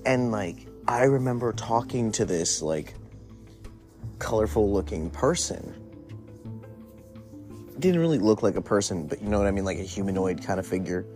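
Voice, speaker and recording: A man's voice: fairly low pitch, lively intonation, moderate pace, long pauses, a little mellow, faint music behind. A young man casually telling a candid personal story, rambling and full of "like" fillers. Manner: rambling, heavy use of "like"; candid, confessional. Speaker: podcast host.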